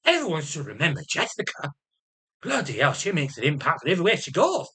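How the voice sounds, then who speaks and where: A man's voice: on the high side, very animated, a little fast, pushed and bright, breathy edge. A man in a casual video diary, rambling emotionally, swearing heavily and stammering through restarts. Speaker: vlogger.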